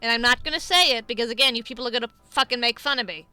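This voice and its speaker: Soft background music plays as this young adult woman streamer chats casually, rambling with constant restarts and plenty of swearing and laughter. Her voice is high, bright, clear, resonant, and forceful, delivered rapid-fire, with no room sound.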